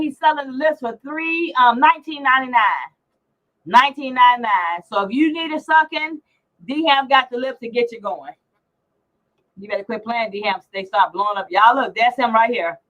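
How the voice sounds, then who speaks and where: Reading viewer comments on her casual livestream, a middle-aged woman is brash and teasing, with plenty of salty language. She speaks at normal speed in a high, fairly bright voice, and the recording is low quality.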